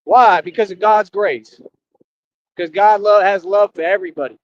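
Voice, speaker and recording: A man in an impassioned streamed rant, preachy and defiant, swinging between shouting and low brooding. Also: fairly even intonation, normal speed, a little hiss or hum. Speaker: livestreamer. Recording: dry, dull lo-fi stream audio.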